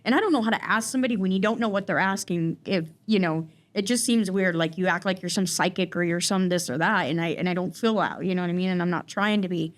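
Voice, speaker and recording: A woman's voice: fairly low pitch, fast, hardly any pauses. A woman recounting her personal story in an interview, talking in a rambling way with many fillers and restarts. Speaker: guest in recovery.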